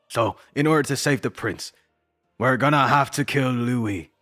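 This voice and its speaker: A man's voice: mid-range voice, a little slow, fairly bright tone, dry recording, clean studio sound, faint music behind. A man casually recapping a video game, rambling and breaking into his own asides. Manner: rambling, self-interrupting asides.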